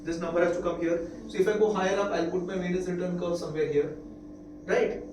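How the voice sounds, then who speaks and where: A man with an Indian English accent delivers a classroom lecture in a high, steady voice, repeating important points and checking in with short questions. Background noise is present, and the recording is echoey with the microphone placed far off.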